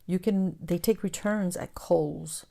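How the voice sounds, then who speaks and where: A woman's voice: lowish voice, fairly even intonation, slow pace, vocal fry, dark tone. A woman hosting a crafting channel, chatting casually to her viewers and telling stories, sometimes dropping into a whisper. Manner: chatty storyteller, calls her viewers "guys", drops to whispers. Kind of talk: casual chat while crafting.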